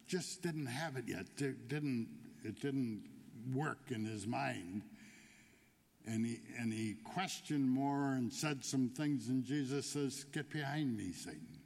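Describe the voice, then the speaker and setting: A man preaching a homily as a deacon, telling a joke story in an unhurried way before turning to the point of the sermon. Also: mid-range voice, a little mellow. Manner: storytelling, unhurried, builds to punchlines. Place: church. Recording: long church reverb.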